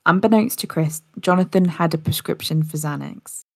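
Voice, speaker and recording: A woman with a low, gravelly voice narrates a story in a relaxed podcast manner, now and then tripping and restarting. The sound is dry and close, with no room around it. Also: normal speed, no echo. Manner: casual, occasional slips and restarts.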